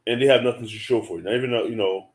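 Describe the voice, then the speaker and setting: A man's voice: mid-range voice, steady tone, racing. A man co-hosting a casual sports talk show, laid-back, thinking aloud with ums and frequent mm-hmms. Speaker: podcast co-host.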